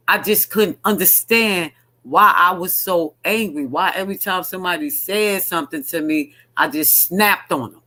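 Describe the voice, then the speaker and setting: A man's voice: a little high, bright, forceful tone, low-quality recording. A man talking candidly and earnestly in a casual online talk show, often restarting his sentences.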